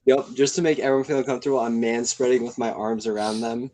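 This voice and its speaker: A man's voice: mid-range voice, flat delivery, fast, warm tone. A teenage boy hosts a casual podcast chat with friends. He teases and jokes as he steers the talk. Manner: playful, teasing, steers the talk. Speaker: podcast host.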